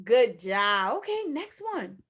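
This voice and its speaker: High-voiced teacher sounding out phonics slowly. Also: female voice, big pitch swings, a bit bright. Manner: slow, emphatic sounding-out of letters and sounds; encouraging, repeats phrases to the class. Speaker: kindergarten teacher. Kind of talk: phonics lesson for young children.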